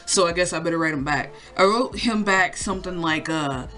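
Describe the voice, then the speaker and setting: A woman's voice: lowish voice, a little fast, a bit bright, faint music behind. A young woman telling a story to camera in a casual, rambling way, full of fillers and swearing. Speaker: vlogger.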